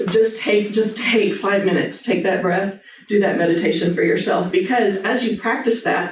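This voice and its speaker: A woman's voice: on the low side, darkish tone, distant mic, a little hiss or hum. Earnest woman speaking in an echoey hall. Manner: earnest, personal, talks straight to the audience. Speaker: surgeon giving a talk. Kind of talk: motivational talk with guided meditation. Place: hospital hall with a live audience.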